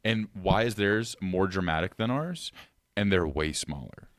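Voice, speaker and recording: Deep-voiced crude podcast guy. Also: animated, unhurried, dry recording. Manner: loose, crude, joking. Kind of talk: casual chat.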